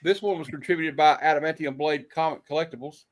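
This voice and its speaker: A man hosting a casual streamed show, reading old comic panels aloud with quick put-on voices and frequent laughter. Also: fairly high pitch, fairly even intonation, dry recording. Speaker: host. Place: streamed show, live online.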